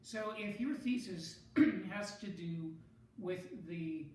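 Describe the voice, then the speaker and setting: A teacher giving a measured, explanatory writing lesson, speaking slowly and carefully to students. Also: mid-range voice, darkish tone. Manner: measured, explanatory, rereads for clarity. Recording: very echoey room, mic far off, faint noise.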